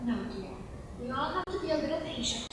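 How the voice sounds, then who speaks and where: A woman's voice: high voice, big pitch swings, quick pace, noisy background. A woman playing a prim young librarian. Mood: tender. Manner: precise, corrects grammar, gentle with a child. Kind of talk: stage musical performance. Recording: echoey theater hall from far off, music.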